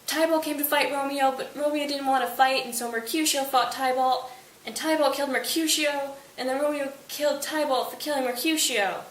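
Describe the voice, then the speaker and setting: A woman's voice: high voice, fairly even intonation, a little fast, echoey room, recorded from a distance, a little hiss or hum, pitched above the performer's own voice, natural voice, low-quality recording. Woman playing a flustered young man, slightly raised voice, off-mic. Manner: breathless run-on telling. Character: flustered young man reporting a street fight.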